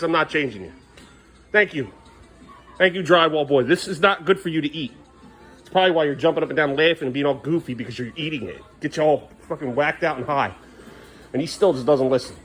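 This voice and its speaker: A man's voice: a little high, fairly quick, fairly bright tone, breathy edge, faint music behind. A father at home scolding his sons and venting his frustration, recorded on a handheld phone with faint household noise behind him. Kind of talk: casual home vlog. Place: family home indoors.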